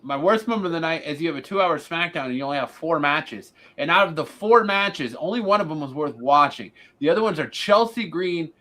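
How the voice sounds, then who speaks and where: A man's voice: fairly high pitch, expressive, fairly quick, few pauses, sharp tone. A man co-hosting a casual wrestling podcast, blunt and sarcastic as he runs through lists of matches. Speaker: podcast co-host. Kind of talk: casual wrestling recap chat.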